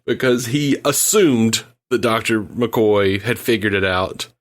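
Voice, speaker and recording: Male co-host, casual chat, blunt and lively delivery, quick to laugh. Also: on the low side. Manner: blunt and animated, with frequent laughter. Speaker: podcast co-host.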